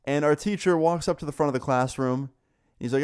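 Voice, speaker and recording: A young man casually telling a school story, animated and swearing, acting out what others said. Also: fairly high pitch, brisk, clear, resonant tone. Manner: animated, swearing, acts out quoted voices. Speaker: storyteller vlogger.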